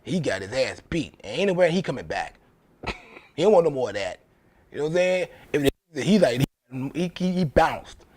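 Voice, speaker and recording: A man's voice: fairly high pitch, big pitch swings, normal speed, a little mellow. Blunt, profane man ranting to camera. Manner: blunt, profane street talk, repeats himself for emphasis. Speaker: show host. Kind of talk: casual monologue to camera.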